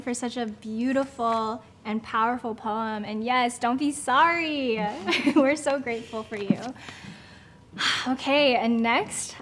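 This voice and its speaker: A woman's voice: a little high, a little hiss or hum. A woman co-hosting a community event, chatty and upbeat, laughing often. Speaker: event co-host. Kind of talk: casual live event hosting.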